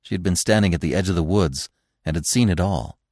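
A man reading a classic story aloud as a narrator, expressive and animated. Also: low-pitched, fairly quick, no echo, clean studio sound. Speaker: audiobook narrator.

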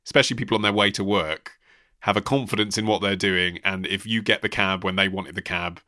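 Wry man with a bright edge. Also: low voice, fairly even intonation, fairly quick, dry recording, studio quality. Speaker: podcast co-host. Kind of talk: casual chat.

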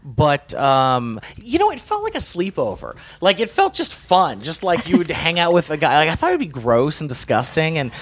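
A man's voice: a little high, wildly swooping pitch, normal speed, few pauses, a little hiss or hum. A man, a comedian guest, speaking candidly in an interview, often stammering and chuckling.

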